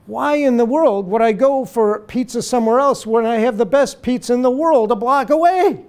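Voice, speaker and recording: A man voicing a stubborn elderly man who insists, incredulous, in a much higher voice than his own. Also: normal speed, darkish tone. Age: older.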